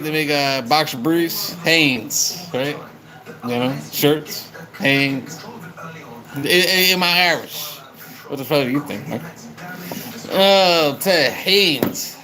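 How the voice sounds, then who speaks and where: Livestreaming to his viewers, a young man with a fairly high, sharp-toned voice chats loosely and calls people by name. He's rowdy and repetitive, rambling and swearing a lot, over poor audio.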